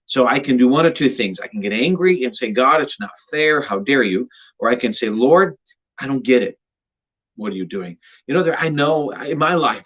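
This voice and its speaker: Earnest husky-voiced male pastor preaching. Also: mid-range voice, lo-fi sound. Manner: earnest, builds to emphatic rises then drops to a hush. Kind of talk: devotional sermon.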